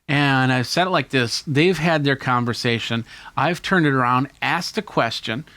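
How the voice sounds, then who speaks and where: A man's voice: mid-range voice, moderate pace, sharp tone, no room sound. Casual man showing off camera gear. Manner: casual, enthusiastic show-and-tell. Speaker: tech video host. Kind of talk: hands-on gear demonstration.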